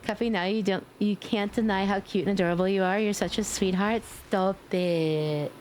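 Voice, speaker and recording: A woman streamer chatting casually with her viewers in a playful way, now and then slipping into squeaky baby talk and screams. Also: steady tone, normal speed, few pauses, noisy background. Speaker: livestreamer. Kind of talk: casual live-stream chat.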